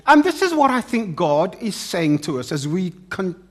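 Male preacher, high voice with a wide, sweeping pitch range; animated sermon with humorous touches. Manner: animated, dramatic emphasis and pauses, humorous asides.

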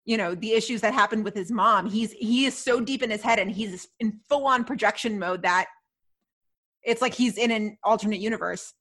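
A woman's voice: mid-range voice, moderate pace. A woman chatting casually as a podcast co-host, recapping a TV episode and acting out the characters' lines. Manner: animated, acts out characters' lines.

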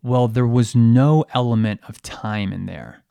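A podcast host who is a periodontist coaching dental teams delivers a coaching monologue in an unhurried, mid-range voice that is creaky and warm. He keeps it conversational, asking rhetorical questions and poking fun at himself. The sound is dry and close, without room echo.

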